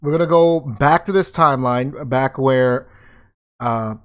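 Unhurried man commenting on a game. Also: medium pitch, clear, resonant tone. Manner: casual, swears often, thinks aloud. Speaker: let's-play streamer. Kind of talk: casual gameplay commentary.

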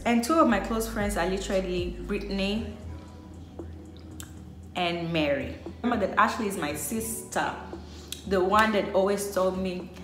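A woman's voice: mid-range voice, a little slow, pauses often, fairly bright tone. A young woman telling a personal story on her vlog, chatty and full of filler words. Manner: chatty, heavy use of filler "like". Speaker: vlogger. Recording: echoey room.

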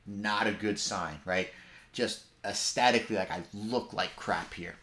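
A man commenting live on footage of his own match, in quick, animated fragments. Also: fairly low pitch. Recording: roomy echo.

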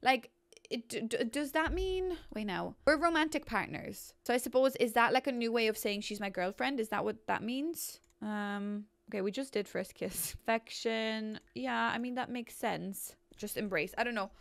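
A woman's voice: on the high side, normal speed, creaky. A young woman, casually chatting and laughing as she comments on her life-simulation game and talks to her characters. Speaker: gameplay streamer.

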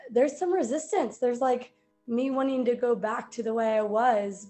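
A woman speaking over her computer on a group video call, thoughtful and hesitant, with many pauses and fillers. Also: on the high side, a little mellow. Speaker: participant on a call. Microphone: computer mic.

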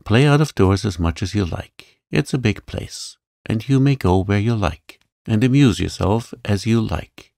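Tired, distracted storybook gentleman, muttering and slow, as a calm male narrator puts him on. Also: on the low side, gravelly, dry recording. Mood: weary. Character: weary, fretful grieving gentleman guardian.

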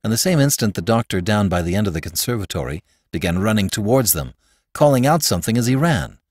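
A man narrating a classic story in an expressive, dramatic reading style as a podcast host. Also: on the low side, fast talker, no echo, studio quality. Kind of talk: audiobook narration.

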